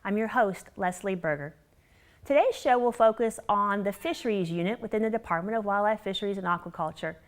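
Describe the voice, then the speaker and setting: A woman's voice: mid-range voice, fairly quick. A woman hosting a university show, welcoming a guest and leading the conversation with friendly questions. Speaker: host.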